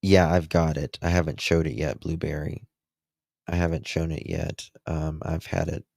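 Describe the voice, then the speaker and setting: A man's voice: very deep voice, moderate pace, vocal fry, a little mellow, no room sound, studio quality. A man hosting a true crime livestream, chatting with viewers in a casual, emphatic way. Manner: emphatic, chatty, talks to the chat.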